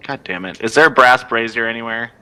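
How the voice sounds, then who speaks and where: A man's voice: medium pitch, fast talker, pushed and bright, clean tone, poor audio. A man playing a tabletop game, eagerly describing what his character does in his own plain voice. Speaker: player.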